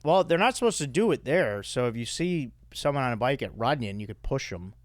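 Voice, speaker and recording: A man's voice: medium pitch, animated, brisk, dry recording, clean studio sound. A man hosting a podcast, chatting loosely and teasing his guest. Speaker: podcast host. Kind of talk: casual chat.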